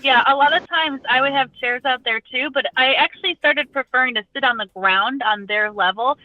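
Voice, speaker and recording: A lively woman guest chats about her birds in a fairly high voice, jumping into little acted-out lines. The sound is dull and dry, with no room around it. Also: moderate pace, no echo. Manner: animated, acts out what the birds would say. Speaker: guest, rooster keeper. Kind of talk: casual interview chat.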